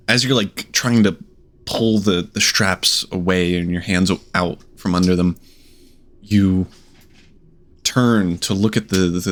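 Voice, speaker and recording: A man's voice: lowish voice, a bit bright. A man running a tabletop game as game master, narrating in a hesitant, trailing way with many fillers.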